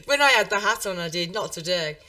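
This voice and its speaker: A woman from England with a Birmingham accent, hosting a casual interview podcast, chatty and quick to laugh. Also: fairly low pitch, far from the mic. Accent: Birmingham English. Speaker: podcast host.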